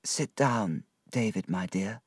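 A man voicing a young wife who is gravely ill, speaking softly, quietly and weakly. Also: mid-range voice, big pitch swings, slow, dry recording, studio quality, voice pushed up. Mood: tender, fading. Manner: soft, quiet and weak. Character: young dying wife, gentle and loving.

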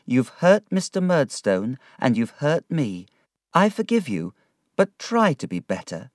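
A man voicing a sad, gentle young mother in a storybook, soft and sorrowful. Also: mid-range voice, sing-song, unhurried, dry recording, studio quality, pitched above the performer's own voice. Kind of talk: storybook reading.

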